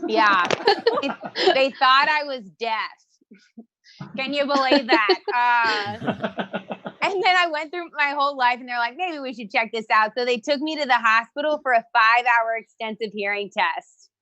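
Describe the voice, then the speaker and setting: Loud, giggly young woman comic. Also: on the high side, moderate pace, no echo, muffled recording. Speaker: stand-up comedian. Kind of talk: online stand-up set. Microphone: handheld mic held to a phone.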